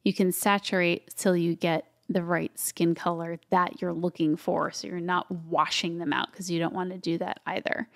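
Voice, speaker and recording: A woman with a gravelly, fry-tinged voice walks viewers through a photo edit in a relaxed, chatty way. She talks while she works and drops in casual asides to her audience. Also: lowish voice, moderate pace, few pauses. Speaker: photography tutorial host. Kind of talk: casual screen-share editing tutorial.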